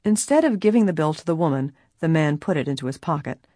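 A woman narrating an audiobook in a steady, even storytelling manner. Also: low-pitched, normal speed, husky, dry recording, studio quality, faint music behind. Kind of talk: scripted narration.

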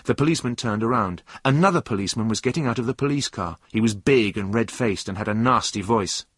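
A man narrating a storybook in a clear, expressive way. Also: fairly low pitch, fast talker, dry recording, studio quality.

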